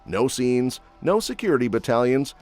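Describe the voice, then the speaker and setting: A man's voice: medium pitch, very animated, normal speed, a little mellow, faint music behind. A man reading a scripted celebrity gossip voice-over in a breezy, jokey manner. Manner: breezy, jokey, quippy delivery. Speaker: entertainment news narrator.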